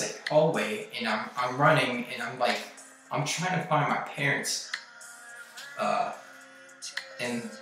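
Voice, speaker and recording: A man recounting a personal experience in a halting, rambling way, full of fillers and swearing. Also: mid-range voice, pushed and bright. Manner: halting, filler-heavy, profane. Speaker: vlogger recounting a trip. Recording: very echoey, distant mic, music behind.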